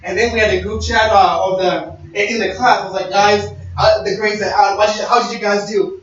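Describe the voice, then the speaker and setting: A man's voice: sits high, fairly even intonation, brisk, a bit bright, a little hiss or hum. A young man giving a sermon-style talk, conversational and storytelling with quoted dialogue. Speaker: speaker. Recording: echoey, distant, dull-sounding room recording.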